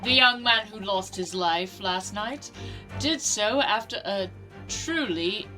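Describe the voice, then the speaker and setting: A woman's voice: mid-range voice, lively intonation, takes it slowly, rough recording. A woman reading a grand, theatrical male detective's lines aloud from a game, with game music behind. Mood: grandiose. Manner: reads game dialogue aloud dramatically.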